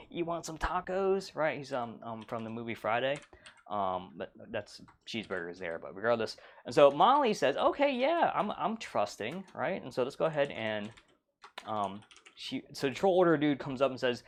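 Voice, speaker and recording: A man teaching a programming lesson in a casual, loose way, full of fillers and playful sound effects. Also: mid-range voice. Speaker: instructor. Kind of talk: casual whiteboard lecture.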